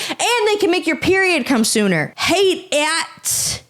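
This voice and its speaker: A young American woman hosting a podcast, reading posts aloud and reacting in an animated, exaggerated, swearing rant. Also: very high-pitched, slow, hardly any pauses. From United States. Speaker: podcast host.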